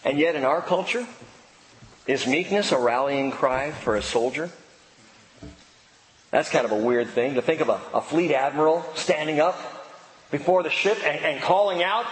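A man preaching a sermon as pastor, emphatic and shifting to quiet intensity. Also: on the high side, expressive, measured pace, slight background noise. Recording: echoey hall with long reverb.

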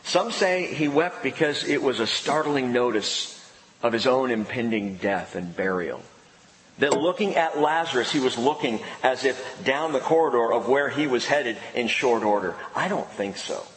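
A man preaching a sermon in an emphatic way, with dramatic pauses and sudden drops to a hushed voice. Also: mid-range voice, animated. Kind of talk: expository sermon. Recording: echoey hall with long reverb, faint background noise.

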